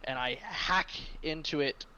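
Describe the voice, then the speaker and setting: Slow, hesitant man describing his moves. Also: a little high, bright, forceful tone, lo-fi sound. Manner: slow, hesitant, full of uhs. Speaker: player. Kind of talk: describing his character's actions.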